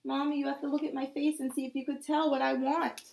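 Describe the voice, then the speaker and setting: A whiny little clock boy stuck in bed, calling for his mommy in a drawn-out singsong, as a teacher puts him on for her class. The voice sits high and childlike, with stretched vowels and a pleading lilt. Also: level tone, vocal fry, darkish tone. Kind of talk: storytelling to children.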